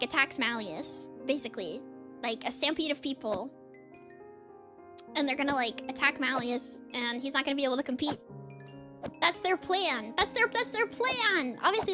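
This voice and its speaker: High, bright-voiced woman gushing excitedly. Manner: excited rambling retelling, many "like" fillers. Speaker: streamer. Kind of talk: casual stream chat.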